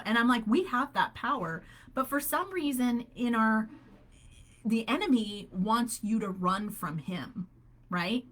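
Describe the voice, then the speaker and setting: A middle-aged woman leading a live faith-based coaching call, animated and upbeat, laughing often as she speaks. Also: a little high, measured pace. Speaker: holistic health coach.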